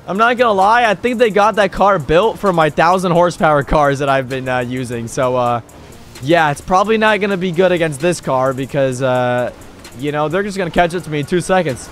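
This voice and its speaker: A man's voice: a little high, a little fast, soft background music. A young man giving live commentary on a driving game, cheekily taunting the police chasing him and yelping at every jump and crash. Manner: excitable, bursts into yelps on jumps and crashes; cheeky taunts at pursuing cops. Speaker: gaming YouTuber and server owner.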